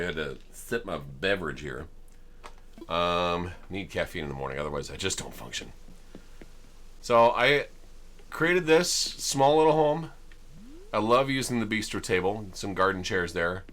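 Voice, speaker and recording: A man's voice: sits low, animated, normal speed, a bit bright, slight background noise. A man streaming a life-sim game, chatting casually and chuckling as he tours homes he built. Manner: chatty, amused, chuckles often. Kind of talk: casual gameplay commentary.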